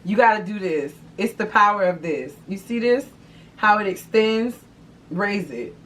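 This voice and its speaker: A young adult woman hosting a vlog, talking in an animated, profane, slangy way. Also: medium pitch, unhurried. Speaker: vlog host. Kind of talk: casual chat to camera. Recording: distant mic, faint background noise.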